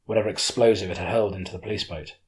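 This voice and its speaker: A man with a very deep voice narrating an adventure audiobook in the first person. His delivery is steady and even, carrying the story along. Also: rapid-fire.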